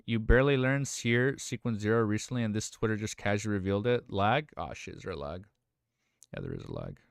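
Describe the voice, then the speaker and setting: A male streamer chatting excitedly and casually during a live reaction stream, swearing now and then. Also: lowish voice, fairly quick, gravelly, clear, resonant tone, no echo, studio quality.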